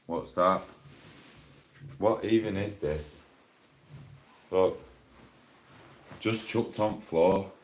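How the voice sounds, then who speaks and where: A man's voice: deep voice, very slow, pauses often, a little hiss or hum. A man on a casual live stream at home, rambling and complaining in an exasperated way, talking into a phone.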